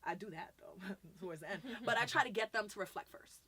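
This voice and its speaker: A woman with a New York accent in her thirties, talking casually as a podcast guest, animated and acting out quoted voices. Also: medium pitch, fast talker, husky. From United States. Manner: animated, acts out quoted voices, laughs often. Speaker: podcast guest, youth mentor. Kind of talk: casual conversation.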